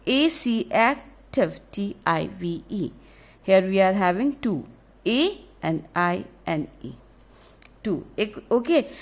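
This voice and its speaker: A woman teacher giving a grammar lesson to children, explaining slowly, repeating herself and often asking if it is clear. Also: fairly high pitch. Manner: slow, repetitive explaining with frequent check questions.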